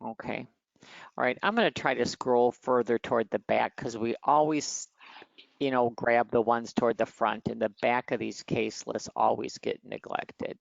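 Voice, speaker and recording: A woman's voice: extremely low pitch, steady tone, moderate pace, gravelly, no room sound. A woman from Michigan with a nasal Midwestern accent, teaching in a chatty, teasing, direct way on a video call. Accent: Midwestern American. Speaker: exam prep tutor. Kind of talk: online teaching session. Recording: muffled dry call audio.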